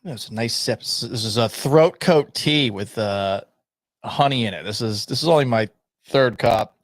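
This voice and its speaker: A man hosts a sports radio show while nursing a sore, swollen throat. He talks low and subdued, almost monotone, with dry humor. The studio sound is close and dry, with a mid-pitched voice. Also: unhurried, no echo. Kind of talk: sports talk radio monologue.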